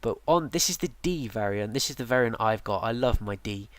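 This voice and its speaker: A man's voice: fairly low pitch, a little fast, no room sound. A man, tired and yawning, casually explaining a game's units with plenty of ums and restarts. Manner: relaxed, rambling with many ums and restarts. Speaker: game guide presenter. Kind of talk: casual game tutorial narration.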